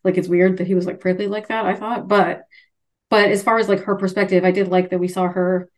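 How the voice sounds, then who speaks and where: A woman co-hosting a podcast, chatting casually about a book and acting out the characters' lines. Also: mid-range voice. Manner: animated, acts out characters' lines in quick voices. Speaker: podcast co-host. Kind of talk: casual chat recapping a book.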